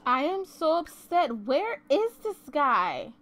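Brief: woman gaming YouTuber, high voice, giggly, slow chatty commentary. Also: sing-song, fairly bright tone. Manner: chatty, giggly, exclaims often. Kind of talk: casual let's-play commentary. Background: faint game music.

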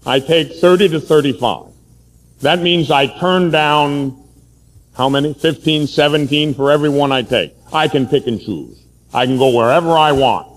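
A man, a Catholic priest, preaching a sermon forcefully, telling stories from his own life. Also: medium pitch, long reverb tail.

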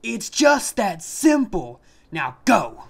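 A man's voice: high-pitched, wildly swooping pitch, takes it slowly, vocal fry, heavily acted. A man voicing a boastful, theatrical male mad scientist in a comedic game playthrough, with manic cackles and grand proclamations. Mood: grandiose. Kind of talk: comedic fan voice-acting over a game.

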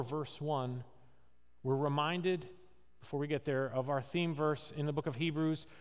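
A man's voice: high voice, fairly bright tone, clean tone. A male pastor preaching a sermon, telling stories with acted quotes and asking rhetorical questions. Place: church sanctuary. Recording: long reverb of a church hall.

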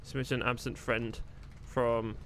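A man's voice: medium pitch, little pitch movement, a little slow, a bit bright, a little hiss or hum. A man streaming a role-play game, chatting casually and thinking aloud, often poking fun at himself. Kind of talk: casual commentary while playing.

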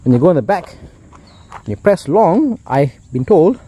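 A man's voice: on the high side, very animated, measured pace, mellow, husky. A middle-aged man with a Malaysian English accent, chatting enthusiastically through a car walkaround with lots of exclamations. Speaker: car reviewer.

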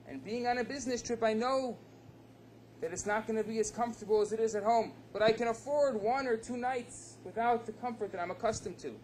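A man's voice: very high voice, brisk, a little mellow, a little hiss or hum, voice pushed up. A man voicing a wealthy, proud middle-aged man who speaks earnestly and a bit incredulously. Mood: explaining.

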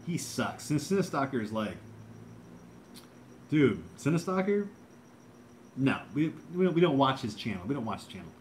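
A man's voice: mid-range voice, very animated, fast talker, few pauses, a little hiss or hum. A man in his thirties hosting a casual livestream, reading out chat and rambling with lots of fillers and repeated words.

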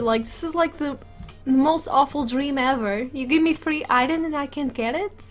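A woman giving casual let's play commentary, giggly and excitable, chatting fondly to her game pets while a little sick. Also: sits high, moderate pace, soft background music.

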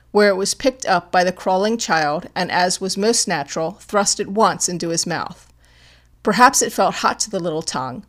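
Female audiobook narrator, mid-pitched, measured and even delivery of a classic mystery.

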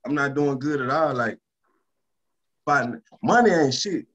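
A Louisiana rapper talking casually in an interview, repeating himself for emphasis and turning quieter when he talks about stress. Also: medium pitch, animated, measured pace, highs cut off. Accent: Southern US, Louisiana. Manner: emphatic and repetitive, drops to a subdued tone about stress.

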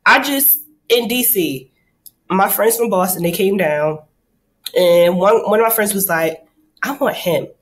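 A woman hosting a casual talk show, telling lively stories with acted-out quotes and casual swearing. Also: medium pitch, unhurried. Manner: candid, animated storytelling with acted-out quotes. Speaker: host. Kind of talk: casual chat.

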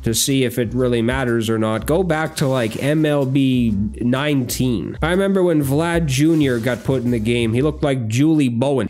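A young man in casual game commentary, rambling and weary, dropping to flat mutters and then jumping up in bursts, speaking into a desk microphone. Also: a little high. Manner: weary, rambling, swinging between flat mutters and excited outbursts. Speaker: gaming video creator. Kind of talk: casual live commentary while opening packs.

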